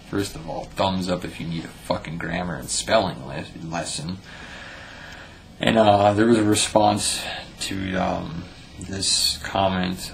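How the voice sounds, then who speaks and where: Deep gravelly young guy ranting thru a vlog, swears a lot, keeps restarting, bit of hiss. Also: fairly even intonation, moderate pace, low-quality recording. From United States. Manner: blunt and profane, swears at commenters; stumbling restarts. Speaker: vlogger reading viewer comments. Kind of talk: angry commentary vlog.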